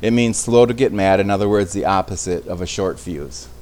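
A man with a somewhat low voice teaches an evening Bible study in a relaxed, conversational way. He often restarts his phrases and checks in with his listeners along the way. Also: a little fast. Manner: conversational, with frequent restarts and tag questions.

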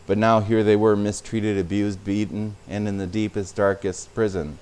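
A man's voice: fairly low pitch, fairly even intonation, normal speed, darkish tone, clean tone. A man preaching a sermon as a pastor, speaking conversationally and sometimes repeating words.

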